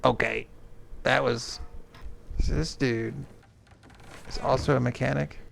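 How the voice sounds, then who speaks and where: A man hosting a movie reaction video, swearing and talking back at the screen in casual, excitable commentary. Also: medium pitch, takes it slowly, creaky, a little hiss or hum. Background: film soundtrack music.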